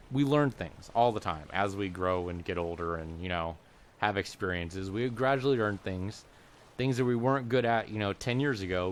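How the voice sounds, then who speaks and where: Male let's-player, lowish voice, meandering casual commentary, faint game noise under. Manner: rambling, musing aloud while playing. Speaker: let's play gamer.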